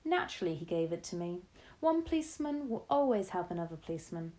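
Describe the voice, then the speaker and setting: A woman's voice: fairly low pitch, sing-song, fast, warm tone, rough recording. A woman playing a shrewd old grandmother.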